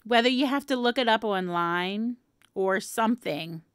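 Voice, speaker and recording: A woman's voice: a little high, moderate pace, clear, resonant tone, no room sound, studio quality. A woman chatting casually to camera as a vlogger, playful and laughing often.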